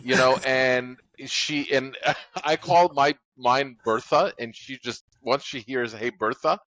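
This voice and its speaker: A man's voice: mid-range voice, unhurried, fairly bright tone, dry recording. A man in casual podcast chat who rambles with many fillers and laughs at his own stories. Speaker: podcast co-host. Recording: dull lo-fi audio.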